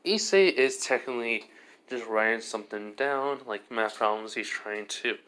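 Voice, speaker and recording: A man's voice: mid-range voice, normal speed, bright, forceful tone. A man casually retelling a fan-made story in a rambling way, heavy on fillers.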